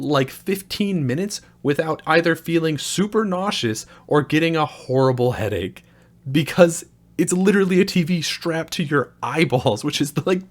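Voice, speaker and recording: Young dude ranting about bad games, sarcastic, swears a lot, totally over it. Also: male voice, a little high. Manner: sarcastic, profane, exasperated. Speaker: gaming video host. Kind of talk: ranting game review.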